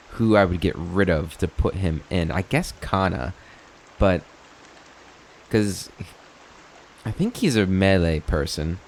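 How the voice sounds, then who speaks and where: A man's voice: deep voice, slight background noise. A man hosting a let's play, reading game text aloud and chatting in a rambling, easygoing way.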